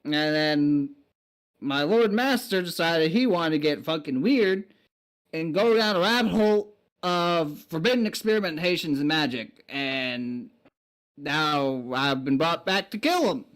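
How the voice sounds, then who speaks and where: Picture a weary undead knight, voiced by a man at the game table, cursing his way through long, rambling grievances. The delivery is slow and unhurried, and the pitch swings widely between lines. Under it all sits a tired, fed-up edge. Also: expressive, fairly bright tone. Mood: rueful. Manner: swearing freely, rambling. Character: weary crude male undead knight, brought back. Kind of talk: tabletop role-play in character.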